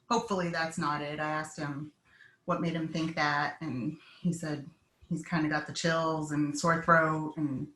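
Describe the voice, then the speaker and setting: Low-pitched female viewer guest calling into a live stream, soft-spoken, echoey room. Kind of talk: casual live-stream chat.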